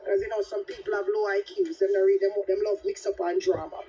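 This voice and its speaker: A woman hosting a casual livestream chat, telling her story with lively, dramatic exclamations. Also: mid-range voice, fast talker, husky, lo-fi sound. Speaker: livestream host. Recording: distant mic with background noise.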